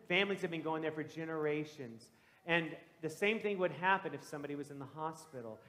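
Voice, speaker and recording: Animated pastor preaching in an echoey church. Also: male voice, a little high. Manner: animated, shifting from hushed to loud while telling a story. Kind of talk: storytelling sermon. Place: church sanctuary.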